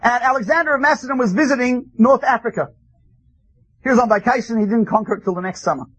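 A man teaching a class, telling stories with lively, wry asides. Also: very high-pitched, quick pace, husky, no echo, poor audio. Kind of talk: storytelling lecture.

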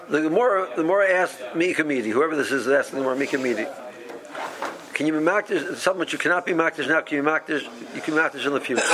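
A man teaching a Talmud study session, explaining the text with animated quoting and frequent restarts. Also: a little high. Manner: animated, acts out the rabbis' voices, many restarts.

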